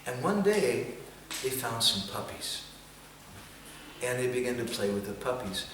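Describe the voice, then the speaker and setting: Male seminar speaker, gentle storyteller, mid-range voice; distant mic in a very echoey hall with faint ambience. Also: mid-range voice, very animated, a little slow, background noise. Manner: gentle storytelling, occasional chanting. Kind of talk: storytelling sermon.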